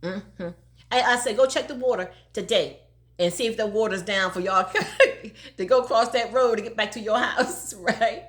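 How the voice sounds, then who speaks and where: A woman's voice: medium pitch, normal speed. An older woman telling a story in casual talk, laughing often as she goes. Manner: animated, laughing often, country dialect.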